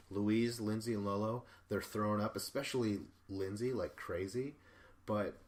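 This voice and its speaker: A young man hosting a podcast alone, recapping an episode in a rambling, profane way with self-mocking asides. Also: lowish voice. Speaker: podcast host.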